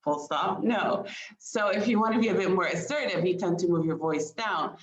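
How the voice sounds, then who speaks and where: Woman communication expert, engaging webinar presenter, lowish voice, echoey, dull recording. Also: moderate pace. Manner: engaging, quizzes audience, frequent light laughs. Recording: roomy, dull lo-fi sound.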